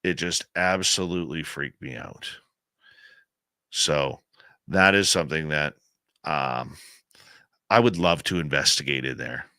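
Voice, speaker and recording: A man's voice: a bass voice, a little slow, pauses often, bright, forceful tone, no room sound. A Canadian man hosting a late-night radio talk show, chatty and enthusiastic, rambling as he tells stories and answers audience questions.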